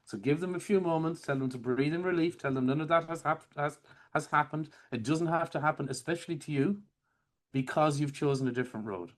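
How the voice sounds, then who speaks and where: Calm man teaching a therapy method. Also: fairly high pitch, brisk. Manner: calm, explanatory, walks through techniques step by step. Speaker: hypnotherapy trainer. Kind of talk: teaching a masterclass.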